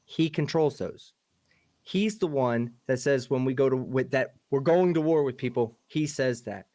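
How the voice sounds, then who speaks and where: Regular guy on a livestream panel, earnest, opinionated, normal pitch. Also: moderate pace, dark tone. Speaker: panel guest; military veteran. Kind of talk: casual livestream chat.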